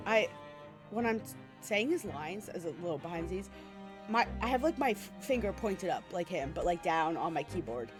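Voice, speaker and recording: A woman's voice: lowish voice, very animated, normal speed. Giggly, flustered woman streamer. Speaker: streamer playing a game. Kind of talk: casual live-stream commentary. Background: game music.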